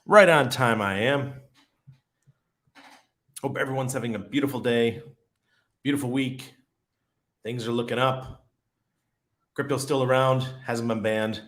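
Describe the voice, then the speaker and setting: A man's voice: medium pitch, unhurried, pauses often, fairly bright tone. A middle-aged man hosting a casual crypto live stream, chatty and laid-back, often laughing as he reads the chat aloud. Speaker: crypto livestream host.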